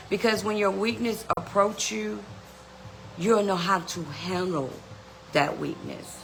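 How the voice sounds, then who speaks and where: Woman, podcast host, unhurried delivery, gravelly yet bright tone, earnest self-help talk. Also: mid-range voice, soft background music, poor audio. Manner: slow, earnest, repeats "you know".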